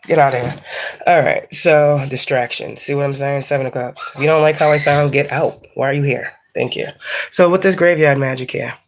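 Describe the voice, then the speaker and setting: A woman's voice: extremely low pitch, fairly even intonation, moderate pace, a little hiss or hum. A woman giving a casual tarot reading and ranting at viewers in a blunt, heavily profane, scolding way. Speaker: psychic tarot reader. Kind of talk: casual spiritual reading rant.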